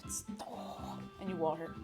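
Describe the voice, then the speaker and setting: A young woman with a mellow voice chats casually at a measured pace on a live stream, reading the chat aloud and talking with her mouth full. Faint music plays behind her.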